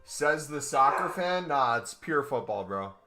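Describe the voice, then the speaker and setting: A male streamer chatting during a live game stream on his microphone, excitable and joking. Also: medium pitch, a little slow, soft background music. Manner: excitable and joking, with whoops and laughs.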